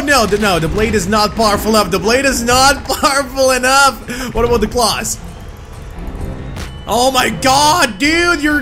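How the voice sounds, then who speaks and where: Young man, gameplay commentary, hyped exclamations, lively swooping pitch, music playing underneath. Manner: hyped, loud exclamations and laughter. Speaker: gaming YouTuber.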